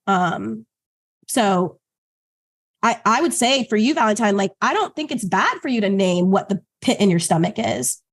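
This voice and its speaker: A woman's voice: medium pitch, moderate pace. A woman co-hosting a podcast in casual chat, talking animatedly with lots of fillers and acted-out quotes. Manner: animated, acts out quoted voices, many fillers. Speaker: co-host.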